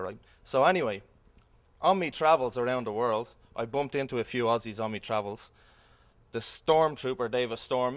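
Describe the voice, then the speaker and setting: A man's voice: medium pitch, fairly bright tone. An Irish man, a wrestler, giving a cocky and casual boastful promo speech.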